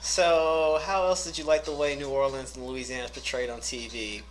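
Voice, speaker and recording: A man's voice: medium pitch, fairly even intonation, normal speed, low-quality recording. A young man co-hosting a casual podcast, joking and teasing his co-host.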